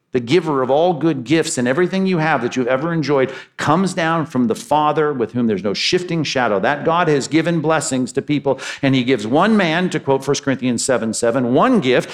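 Animated preacher, man. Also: fairly high pitch. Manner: animated preaching, acting out quoted voices. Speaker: pastor. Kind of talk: sermon.

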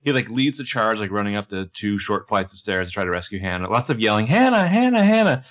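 A man co-hosting a podcast, recapping a TV episode in casual chat and acting out the characters' lines with bursts of shouting. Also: fast. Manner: animated, acts out characters' lines in shouts and high voices. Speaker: podcast co-host.

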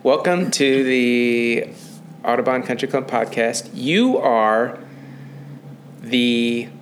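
A male podcast host with a mid-range voice chats in an easygoing, casual way, often cutting in with quick questions. A faint hum sits behind him in the room. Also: mid-range voice, animated. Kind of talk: casual interview chat. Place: tower room at a country club, indoors.

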